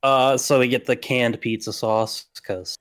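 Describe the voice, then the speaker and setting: A man's voice: mid-range voice, steady tone, a little slow, fairly bright tone, no room sound, clean studio sound. A young man with a slight Long Island accent, co-hosting a casual podcast debate, blunt and opinionated and swearing freely. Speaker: podcast co-host.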